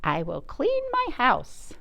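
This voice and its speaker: A woman's voice: fairly high pitch, huge pitch swings, slow pace, vocal fry, bright, forceful tone, voice pushed up, exaggerated voice. A woman voicing a fussy, house-proud farmer's wife in a storybook reading, with a prim manner.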